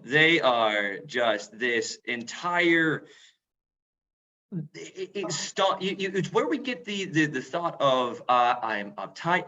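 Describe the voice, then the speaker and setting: A mid-range, pushed and bright voice belongs to a man doing a museum role-play on a video call. He answers questions in casual Q&A fashion with a put-on northern English accent, lots of fillers, and restarts, heard through dull lo-fi audio.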